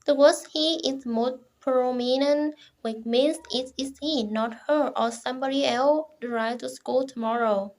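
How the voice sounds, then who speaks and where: A young woman presents to her class. Her voice sits high, and she reads slowly and formally in short, halting phrases. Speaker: student presenter.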